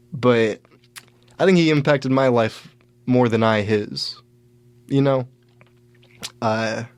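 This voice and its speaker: A young man hosting a podcast, telling a rambling story with lots of restarts and animated bits. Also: mid-range voice, dry recording. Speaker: podcast host. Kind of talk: casual storytelling monologue.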